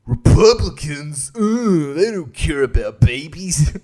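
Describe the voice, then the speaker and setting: A man's voice: on the high side, sing-song, a little mellow, full character voice. Smug preachy stand-up comedian, drawn out and holier-than-thou, as a man mocks him. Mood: mocking. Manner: slow, mocking, self-righteous sighs.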